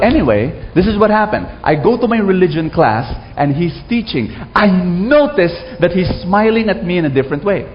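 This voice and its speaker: A man's voice: high voice, big-room sound, muffled recording, slight background noise. A man with a Filipino accent preaching a sermon to an audience, calling for responses and telling stories from his childhood. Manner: lively, calls for audience responses. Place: large hall with an audience.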